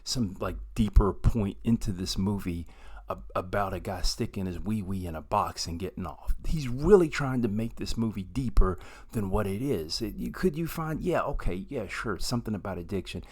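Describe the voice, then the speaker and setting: A man casually reviewing a movie to camera, animated and excitable, swinging between loud bursts and quiet asides. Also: fairly low pitch, moderate pace, husky.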